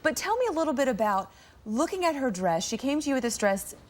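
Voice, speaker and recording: A woman's voice: sits high, very animated, fast talker. A woman hosting a daytime TV segment, prompting her guest with questions and many affirming fillers, heard from worn old videotape. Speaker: TV show host. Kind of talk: midday TV segment interview.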